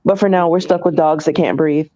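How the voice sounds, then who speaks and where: A woman explains things in an agreeable way during a casual podcast chat. Her voice is warm and mellow, and the audio is dull and lo-fi. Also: deep voice, fairly even intonation, a little fast.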